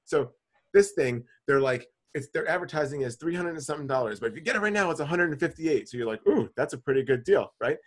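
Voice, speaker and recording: Animated man telling a story. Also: a little high, fast. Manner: animated, swears freely, acts out his own panic. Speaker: podcast co-host. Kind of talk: casual storytelling chat.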